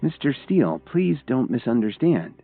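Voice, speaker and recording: A man voicing a protective young wife who speaks in a hurried, pleading way. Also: medium pitch, sing-song, creaky, voice pushed up. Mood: anxious. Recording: tinny phone-like sound, faint music.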